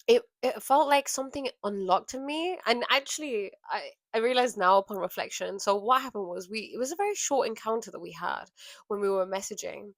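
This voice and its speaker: A woman vlogger telling a personal story in an earnest, emotional way, with soft laughs and many fillers. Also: mid-range voice, no room sound, clean studio sound.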